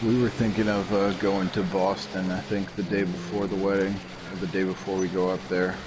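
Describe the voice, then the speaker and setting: A man's voice: sits low, little pitch movement, brisk. A man chatting casually while playing a game, rambling and explaining at length. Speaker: gamer. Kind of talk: casual chat while gaming. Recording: noisy game audio behind.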